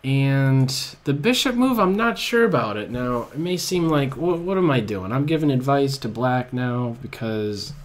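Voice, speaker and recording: A man giving live commentary on his own blitz chess game, excitable and groaning at his own blunders, at a desk microphone. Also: medium pitch, moderate pace, hardly any pauses.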